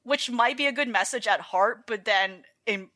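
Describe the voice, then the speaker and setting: A woman talks through her thoughts on a casual gaming podcast. She rambles and restarts, leaning on fillers and quick laughs, and her voice sounds bright. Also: fairly high pitch. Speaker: podcast co-host. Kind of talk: casual chat.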